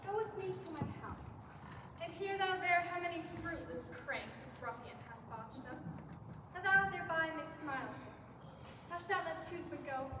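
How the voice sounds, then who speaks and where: A noble young lady gives orders in a high, imperious voice, declaiming old verse, played by a teenage girl on a school stage. The voice is distant and swims in heavy hall echo. Audience noise sits behind it. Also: close to an everyday voice. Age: late teens. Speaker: student actor.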